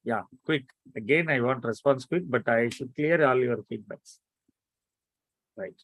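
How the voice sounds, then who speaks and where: Male math teacher, online lecture, coaxing and brisk, dry close-miked sound. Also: medium pitch, fairly bright tone, dry recording. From India. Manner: coaxing students to answer quickly.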